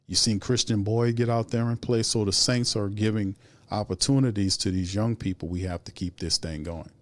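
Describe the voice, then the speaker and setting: Male sports host, lowish voice, dry sound, heated and repetitive rants. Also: fairly even intonation, moderate pace, dry recording. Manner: heated, repetitive, rising into exasperated outbursts. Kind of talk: opinionated sports commentary.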